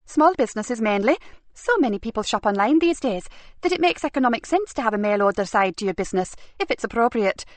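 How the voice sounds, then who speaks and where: A woman's voice: lively intonation, fast, no echo, natural voice. A woman voicing a fussy, protective middle-aged wife who keeps the accounts, speaking in a prim, emphatic, raised voice. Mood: eager, chatty. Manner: prim, emphatic, slightly high.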